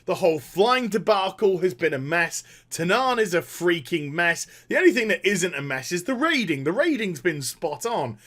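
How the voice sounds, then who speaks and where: A man's voice: high voice, big pitch swings, moderate pace, few pauses, fairly bright tone. A man, sarcastically ranting about a game story, swearing freely and mocking characters. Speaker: gaming commentator. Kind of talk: animated opinion rant.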